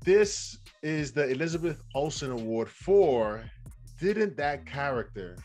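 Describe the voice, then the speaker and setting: A man's voice: on the high side, expressive, measured pace, a little mellow, soft background music. Hesitant male podcast co-host. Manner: hesitant, many fillers. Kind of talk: casual review chat.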